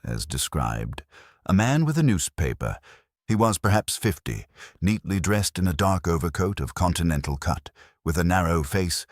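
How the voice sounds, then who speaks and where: Deep husky guy reading a detective story, wry and formal, lots of movement in his voice. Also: no room sound, studio quality. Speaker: narrator. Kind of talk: scripted first-person mystery narration.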